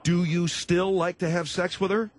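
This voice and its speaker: A man's voice: high voice, level tone, normal speed. A man hosting a radio call-in show, brash and pushy, firing repeated questions at callers. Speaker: radio talk show host.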